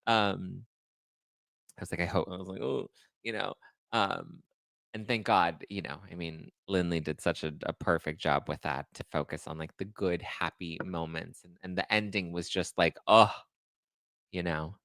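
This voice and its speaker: Halting low-voiced emotional male host. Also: steady tone, creaky, a bit bright, no room sound. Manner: halting, emotional, many fillers. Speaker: podcast host. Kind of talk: emotional casual monologue.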